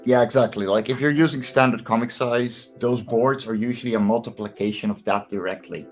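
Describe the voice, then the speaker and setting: A man's voice: medium pitch, steady tone, a little fast, soft background music. A man co-hosting a casual online drawing stream, explaining his work as he thinks aloud. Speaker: stream co-host and comic creator. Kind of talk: casual chat while lettering comics live.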